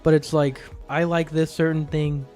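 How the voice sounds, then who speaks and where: Male guest, sincere and halting, slightly high pitch, soft music underneath. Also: little pitch movement. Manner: earnest, searching for words with repeated starts. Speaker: podcast guest. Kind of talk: casual podcast chat.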